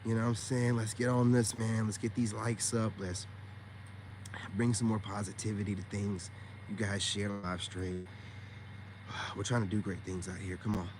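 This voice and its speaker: A man's voice: lowish voice, little pitch movement, normal speed, background noise. A man on a casual livestream, talking bluntly and with profanity straight to his viewers, peppering his speech with "man" and "you know what I'm saying.". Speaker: online self-help streamer.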